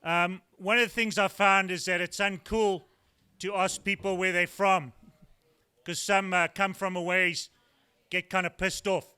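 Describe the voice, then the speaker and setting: An older man from South Africa with a South African accent, doing a stand-up routine as a comedian in a dry, wry storytelling manner with pauses. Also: sits high, level tone, pushed and bright, smooth. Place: brewery taproom with live audience.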